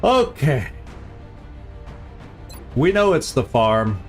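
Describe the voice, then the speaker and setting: A man's voice: medium pitch, sing-song, drawn-out words, faint music behind. A man hosting a live game stream, chatting casually and easily, often chuckling and repeating his phrases.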